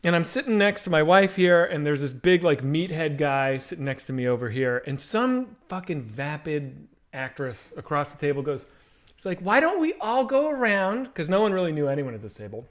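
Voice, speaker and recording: A man's voice: on the high side, expressive, brisk. A man co-hosting a comedy stream, chatting casually and telling a funny story with lots of animation. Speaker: comedy show co-host.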